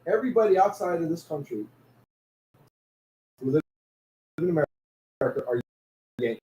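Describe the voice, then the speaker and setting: A man with a New York accent tells stories in a relaxed, mellow voice. The room is echoey and a faint hiss sits under him. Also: on the high side, normal speed. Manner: storytelling, animated anecdotes. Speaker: podcast co-host. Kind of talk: casual chat.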